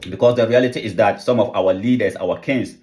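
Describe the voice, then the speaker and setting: A man's voice: lowish voice, brisk, a little mellow. A man from Africa giving impassioned opinion commentary, fervent and full of rhetorical questions and repetition. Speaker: online commentator.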